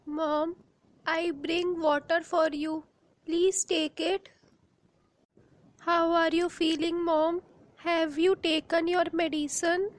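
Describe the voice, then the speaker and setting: Very high voice, slow pleading delivery, gentle little girl, woman voicing her, cartoon. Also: level tone, no room sound. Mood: tender.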